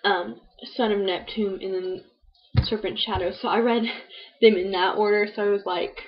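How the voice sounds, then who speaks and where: A woman's voice: mid-range voice, steady tone, moderate pace. A young woman chatting casually into her webcam about books she has read, rambling and filling gaps with "um" and "like.". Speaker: book vlogger. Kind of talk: casual book review chat. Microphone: webcam microphone. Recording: dull lo-fi webcam audio.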